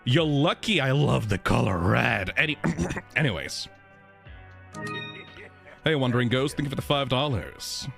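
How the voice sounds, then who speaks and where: A man hosting a livestream, thanking viewers for donations and chatting in an excitable, giggly way with plenty of swearing. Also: mid-range voice, measured pace, vocal fry, long pauses, soft background music. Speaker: livestream host reading donations. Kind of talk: casual livestream chat.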